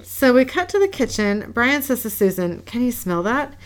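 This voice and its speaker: A woman casually recapping an episode as a podcast co-host, reading the characters' lines in a flat, low-key way. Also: moderate pace. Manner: reads quoted lines in a flat, low-key way with small laughs.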